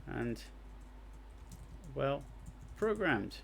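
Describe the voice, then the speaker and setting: Excitable man streaming game reviews. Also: medium pitch, extremely slow, vocal fry, slight background noise. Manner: excitable, talks to himself while playing. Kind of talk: live gameplay commentary.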